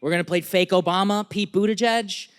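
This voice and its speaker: A man's voice: high voice, a little fast, fairly bright tone, clear, resonant tone, long reverb tail. A man co-hosting a political commentary show, joking and calling out live poll results like an auctioneer. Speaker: co-host.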